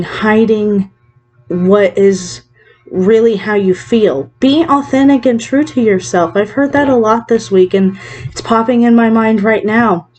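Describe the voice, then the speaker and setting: A woman giving a pick-a-card psychic reading in a gentle, reassuring, chatty way, sometimes correcting herself. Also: fairly high pitch. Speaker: psychic tarot reader.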